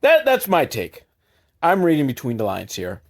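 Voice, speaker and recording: A man recapping a movie for comedy, sarcastic, jumping into quick put-on voices for the characters. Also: fairly high pitch, huge pitch swings.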